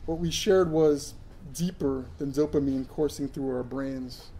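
A man voicing a soft-spoken young woman, calm and quietly sad, while reading a story aloud. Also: mid-range voice, measured pace, slight background noise, close to an everyday voice. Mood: wistful. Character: wistful young woman gently ending a romance.

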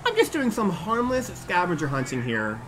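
Animated young man narrating gameplay. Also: sits high, moderate pace, background noise. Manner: animated, exclaims and yells at the game. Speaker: gaming YouTuber. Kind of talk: casual gameplay commentary.

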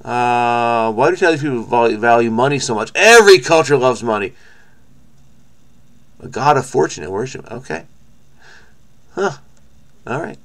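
Frenetic rambling man with lively pitch. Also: moderate pace, long pauses. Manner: frenetic, rambling, stammering with frequent restarts and laughs. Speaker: crossword video host. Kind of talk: casual think-aloud commentary.

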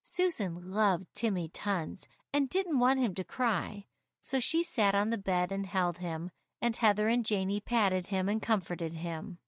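A woman gently and expressively reading a children's story aloud. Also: medium pitch, lively intonation, measured pace, dry recording, studio quality.

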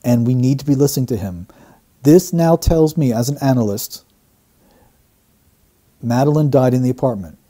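A man working as a statement analyst, giving measured, explanatory commentary and repeating key phrases as he breaks down an interview. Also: mid-range voice, lively intonation, dark tone.

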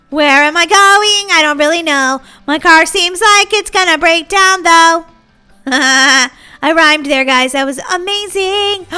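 A bubbly, excitable woman hosting a gaming channel, giggling and chatting to her fans as she plays. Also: very high voice, takes it slowly, soft background music. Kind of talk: playing a video game and commenting.

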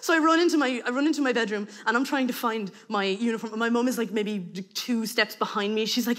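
An Irish woman telling a comic personal story to an audience, lively and acting out the voices of the people in it. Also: on the high side, fast talker, few pauses, in a large hall. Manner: lively, acts out voices, breaks into laughter.

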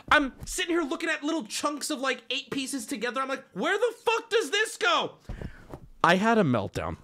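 A man livestreaming from his home setup, telling his chat a story in an animated, profane, self-mocking rant. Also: very high voice.

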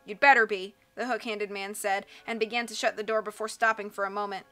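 Casual, chatty woman reading on a live stream, bright and higher-voiced, faint music behind. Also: level tone, fast. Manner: chatty, giggly, casual with viewers. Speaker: audiobook reader and live streamer. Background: faint background music.

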